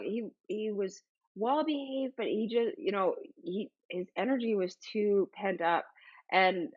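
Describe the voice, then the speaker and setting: A bubbly woman hosting a casual livestream, reading viewer comments aloud with frequent exclamations and fillers. Her voice sits at a middling pitch. The audio is a little dull and lo-fi. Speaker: livestream host.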